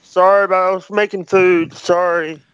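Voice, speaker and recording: A man with a high voice talks haltingly on a home mic and keeps repeating himself. His heavy breathing comes through between words. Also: little pitch movement, a bit bright, clean tone, no echo, dull audio. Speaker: caller. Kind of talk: casual online hangout chat.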